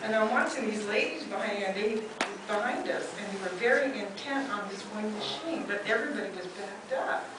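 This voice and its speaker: A middle-aged woman giving a eulogy at a memorial service, a lively storyteller who acts out the quotes and laughs as she tells them. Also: medium pitch, normal speed, few pauses. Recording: echoey hall from far off, loud noise.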